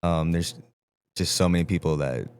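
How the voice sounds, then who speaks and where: A man's voice: deep voice, normal speed, a little mellow. A man hosting a podcast, speaking in a laid-back, agreeable way and swearing casually. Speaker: podcast host, father. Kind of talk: casual conversation.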